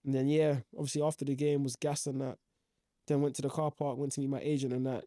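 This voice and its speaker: A man's voice: mid-range voice, little pitch movement, fast, warm tone, no room sound, clean studio sound. A young man, recounting his football career in slangy, rambling casual talk full of fillers. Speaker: professional footballer guest. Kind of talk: casual storytelling.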